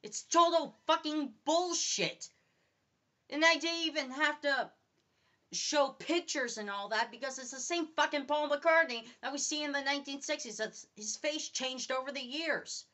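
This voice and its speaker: A woman delivering a ranting monologue to camera in a high, bright voice. She talks at an unhurried pace, swears freely, and hammers each point by repeating it. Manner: blunt, profane, repeats points for emphasis. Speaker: vlogger.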